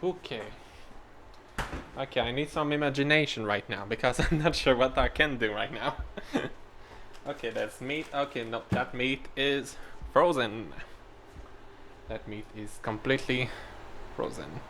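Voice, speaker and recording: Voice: medium pitch, unhurried, pauses often, fairly bright tone, a little hiss or hum. A podcast host talking casually while cooking at home, rambling, laughing and swearing through each step. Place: home kitchen.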